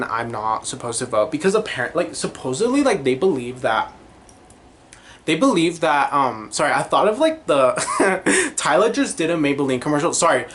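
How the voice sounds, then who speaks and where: A man's voice: fairly high pitch, a little hiss or hum. A young man hosting a podcast, rambling through a casual monologue full of tangents, fillers and giggles. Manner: tangent-prone, giggly, animated, lots of fillers. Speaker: podcast host.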